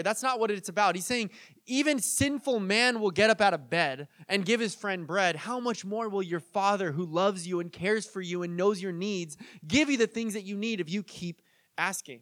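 A man's voice: high-pitched, a little fast, fairly bright tone, dry recording, studio quality. A young man preaching a casual, conversational sermon as pastor, telling stories and acting out the people he quotes. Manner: chatty, storytelling, acts out quoted voices.

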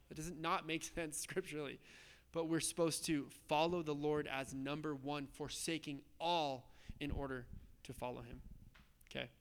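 Bright-voiced, emphatic male preacher. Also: a little high, clean tone. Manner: emphatic, conversational, frequent "okay?" and "right?" check-ins. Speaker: pastor. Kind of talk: sermon.

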